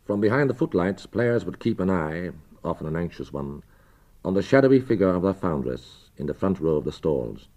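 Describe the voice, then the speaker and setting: A man presenting a radio documentary in a measured, scripted way, introducing archive voices. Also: sits low, sing-song, darkish tone.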